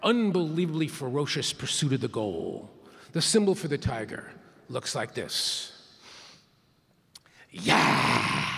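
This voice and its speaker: High lively man leading a big hall. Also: creaky. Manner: playful, leads the crowd in call-and-response counts. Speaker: keynote speaker. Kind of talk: interactive plenary talk. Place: large conference hall. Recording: hall reverb from a large conference room.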